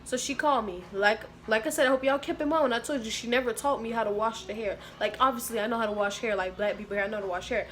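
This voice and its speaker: A young adult woman telling a storytime vlog in an animated, slangy way, acting out what other people said. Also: fairly high pitch, fast talker, hardly any pauses, slight background noise. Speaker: vlogger.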